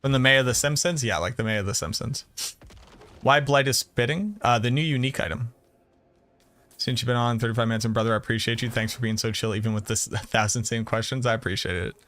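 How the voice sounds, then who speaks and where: A man with a Boston accent chatting casually on a game stream, telling animated stories and swearing freely. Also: medium pitch, fast. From Boston area, USA. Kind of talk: casual live-stream chat.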